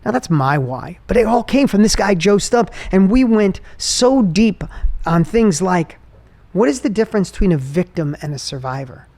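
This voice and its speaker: Energetic man telling a motivational story. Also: high-pitched, normal speed, no room sound. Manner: energetic, storytelling, voice drops when emotional. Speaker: podcast host. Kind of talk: motivational podcast monologue.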